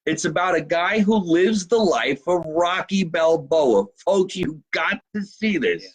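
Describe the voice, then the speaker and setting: A man's voice: sits high, expressive, unhurried, breathy edge. A man hosting a casual live show, chatty and jokey, reading out fan mail and sponsor plugs. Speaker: podcast host.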